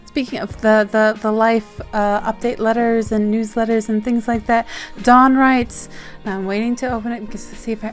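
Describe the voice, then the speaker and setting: Australian woman, casual vlogger, excitable and rambling, slightly high voice. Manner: bubbly, gushing, giggly and rambling. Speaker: zine-maker vlogger. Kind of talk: casual mail-opening vlog.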